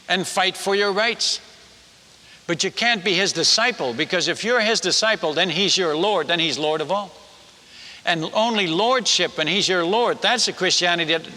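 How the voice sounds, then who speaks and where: A man's voice: high voice, sharp tone. A man, a missionary preacher, tells a story in a sermon, acting out the dialogue and the sound effects. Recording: long reverb of a large hall.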